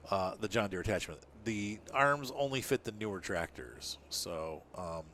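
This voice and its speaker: Male game host with a lively, up-and-down voice, jokey running commentary over gameplay, faint noise behind. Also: sits low, moderate pace. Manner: chatty and jokey, narrating his own moves. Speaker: gaming channel host. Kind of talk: casual let's-play commentary.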